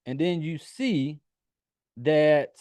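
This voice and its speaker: Male podcast host, casual film recap, cusses freely; higher-pitched, warm tone, dry close sound. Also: extremely slow, clean tone, no echo. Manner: loose, profane storytelling with many fillers. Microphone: home computer setup.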